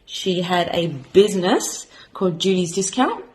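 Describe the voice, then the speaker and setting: A woman in her thirties with an Australian accent, giving a rambling, heartfelt self-introduction as a new beauty vlogger, halting and full of fillers, close to tears. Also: lowish voice, animated, a little hiss or hum, low-quality recording.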